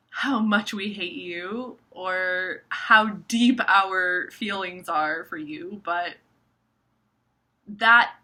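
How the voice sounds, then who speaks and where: Bright-voiced woman ranting freely. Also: medium pitch. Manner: animated, swears, many likes. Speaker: astrology vlogger. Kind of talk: casual monologue to camera.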